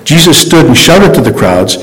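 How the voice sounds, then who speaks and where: A man's voice: fairly high pitch, big pitch swings, moderate pace, fairly bright tone. Guy teaching a bible study, chatty, keeps restarting his sentences, big echoey hall. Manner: conversational, hesitant, many restarts and self-corrections.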